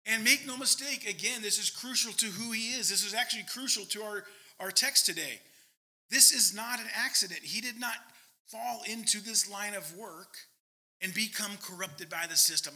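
A man, a pastor, preaching a sermon in an earnest, emphatic way with quick asides. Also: sits high, pushed and bright.

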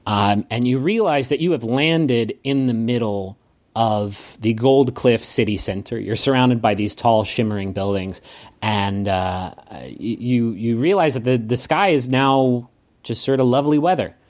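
A man narrating as a game master, setting scenes with unhurried description. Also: mid-range voice, darkish tone.

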